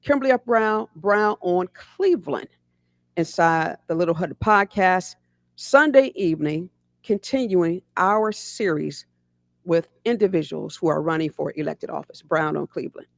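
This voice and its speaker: A woman hosting a podcast, asking formal, deliberate interview questions. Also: on the low side, animated, gravelly, no echo. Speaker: podcast host.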